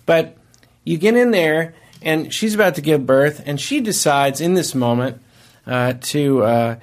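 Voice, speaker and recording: A man hosting a podcast, telling a long story in casual chat, often restarting and repeating his phrases. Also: mid-range voice. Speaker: podcast host.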